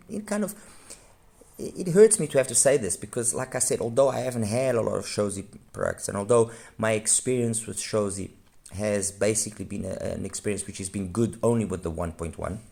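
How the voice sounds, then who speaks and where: A man with a low, gravelly voice talks through an audio gear review. He speaks frankly and rambles, often breaking off to restate a point. His delivery is loose and unscripted. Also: darkish tone. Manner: rambling, self-correcting, frank.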